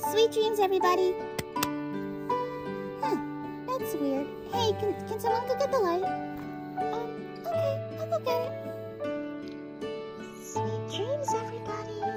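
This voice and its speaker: A woman's voice: extremely high pitch, animated, slow pace, pauses often, over loud music, heavily acted. A woman voicing a cheerful anime schoolgirl at a sleepover in a plush toy video, chirpy and sometimes whiny.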